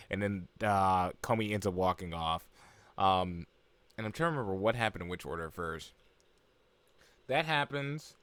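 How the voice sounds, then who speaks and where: Young guy, anime reviewer, low voice, loose rambling recap, dry close sound. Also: a bit bright, no room sound. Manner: rambling, full of fillers and asides.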